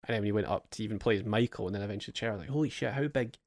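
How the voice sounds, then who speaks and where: A young man with a lowish voice hosts a casual gaming podcast. He tells long relaxed stories and swears freely. The sound is dry and close. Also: very fast, no echo. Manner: relaxed storytelling, swears, acts out his past excitement. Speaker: podcast host. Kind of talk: casual chat.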